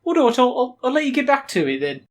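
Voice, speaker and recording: A man's voice: very animated, fast talker. A man voicing a brash dragonborn leader with an exaggerated Birmingham accent. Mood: cheery. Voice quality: high, hammy put-on accent.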